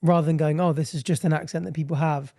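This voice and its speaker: A man's voice: fairly high pitch, steady tone, warm tone, dry recording, studio quality. A man co-hosting a podcast, chatting casually and telling stories. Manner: chatty, quick storytelling with impressions. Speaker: podcast co-host. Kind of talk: casual chat.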